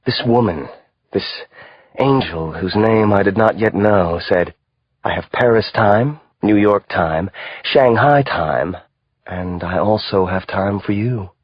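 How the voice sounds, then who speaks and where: A male audiobook narrator voicing a cold, calculating contract killer who speaks in a calm, hard way. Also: on the low side, slow pace, breathy edge, dry recording, muffled recording. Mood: reminiscing. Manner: calm, hard, matter-of-fact.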